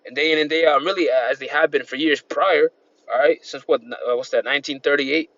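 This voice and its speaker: A street-style preacher with a fairly high, steady, fairly bright voice speaks briskly in an informal sermon that includes scripture readings. His loose delivery rambles and repeats itself, peppered with "man" and "all right," on dull home-recorded audio.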